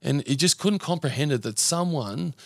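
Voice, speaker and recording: A man's voice: on the high side, lively intonation, moderate pace, vocal fry, dry recording. Earnest Australian man, dry close sound. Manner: earnest, rambling storyteller with frequent fillers. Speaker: podcast guest, men's mental health support worker. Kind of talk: casual conversational interview.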